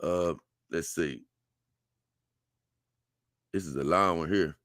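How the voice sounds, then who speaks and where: A man with a lowish but bright, forceful voice, chatting casually to his livestream audience. He reads through long lists at an easy pace and drops in offhand remarks. The sound is close and dry, with no room echo. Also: slow pace. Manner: reads lists aloud unhurriedly with asides. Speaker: livestream host.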